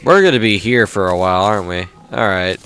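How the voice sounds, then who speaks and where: A man's voice: lowish voice, animated, fast, a bit bright, faint music behind. A young man casually commenting while playing a video game, swearing often and grumbling at the game. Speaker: gaming YouTuber. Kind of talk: casual let's-play commentary.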